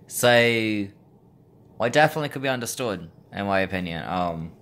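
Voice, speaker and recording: A man's voice: lowish voice, expressive, moderate pace, fairly bright tone. A man from the United States, chatting casually and wryly in a put-on Russian accent while telling a story to his viewers. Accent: Russian-style put-on accent. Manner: chatty, rambling, wry. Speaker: vlogger.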